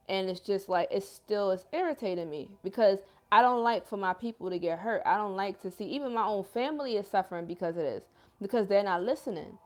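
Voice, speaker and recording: Speaking in a mid-range voice, a young woman livestreams as a self-described healer, reading viewer comments and chatting casually with earnest emotion and slang such as "yo" and "y'all."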